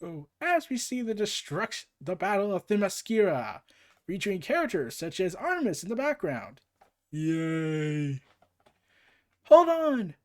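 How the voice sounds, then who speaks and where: A man casually reading and retelling a comic book aloud, joking and animated, with asides. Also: high voice, moderate pace. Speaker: comic reader and commentator.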